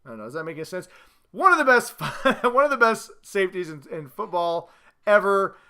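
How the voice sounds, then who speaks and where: A man hosting a casual sports vlog at home, boastful, excitable and rambling as he talks to the camera. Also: sits high, brisk, clear, resonant tone. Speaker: host.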